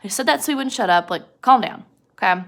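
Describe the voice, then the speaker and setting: A woman voicing an agitated male ranch worker who scolds his friend in a high, strained, loud voice. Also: lively intonation, brisk, lightly acted. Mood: exasperated.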